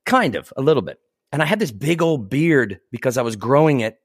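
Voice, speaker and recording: A man's voice: medium pitch, lively intonation, a little fast, breathy edge, no room sound, studio quality. A middle-aged man, an actor, telling casual stories in a chatty way, laughing often and acting out what people said. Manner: chatty, laughs often, acts out quoted voices. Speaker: actor guest. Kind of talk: casual anecdotal storytelling.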